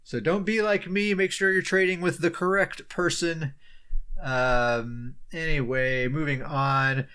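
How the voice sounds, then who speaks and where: A man's voice: a little high, fairly even intonation, measured pace, sharp tone, smooth. A man co-hosting a casual gaming podcast, telling a self-deprecating story and chuckling often. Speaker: podcast co-host.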